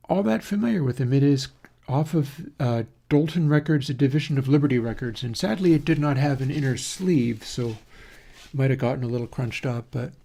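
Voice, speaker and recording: A man's voice: mid-range voice, creaky, a little mellow. A man hosting his own channel, talking casually and thinking aloud as he goes, with fillers and self-corrections. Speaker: host of an audio plugin channel. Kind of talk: casual rambling chat.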